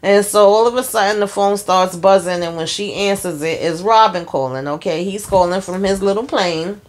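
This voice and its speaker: A woman's voice: medium pitch, normal speed. A woman retells a show's plot in a loose, chatty way. She drops wry side comments as she goes, in a mid-range voice. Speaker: show recap vlogger. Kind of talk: casual episode recap.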